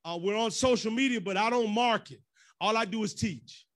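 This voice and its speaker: A man's voice: high voice, normal speed, a bit bright. A man preaching as pastor in a loose, joking way, slipping into the voices of church folk. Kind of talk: conversational sermon.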